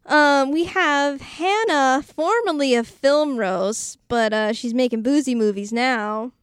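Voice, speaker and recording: This podcast co-host has a high, clear, resonant voice and speaks slowly, with clean studio sound and no echo. In casual chat she reads out listener questions, giggles a lot and fills gaps with "um" and "like."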